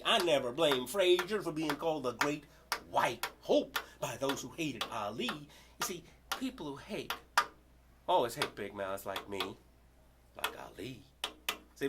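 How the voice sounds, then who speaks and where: A man from the United States performs a story poem aloud, his pitch leaping and dipping as he tells it. He talks loudly and expressively, and a heavy noise bed sits under the whole recording. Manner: animated, loud and expressive storytelling. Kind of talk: spoken-word story poem. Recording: loud background noise.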